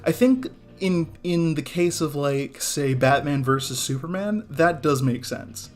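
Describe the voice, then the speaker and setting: A man's voice: fairly high pitch, animated, unhurried, faint music behind. A man ranting casually on a live drawing stream, getting heated, swearing and stumbling over restarts before apologizing. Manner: heated, swearing, many restarts and self-corrections. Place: home studio with background music.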